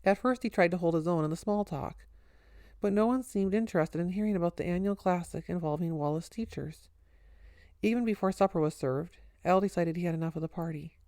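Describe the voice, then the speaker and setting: A woman narrating a story in an even, wry storytelling manner. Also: lowish voice, fairly quick, no room sound. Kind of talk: audiobook narration.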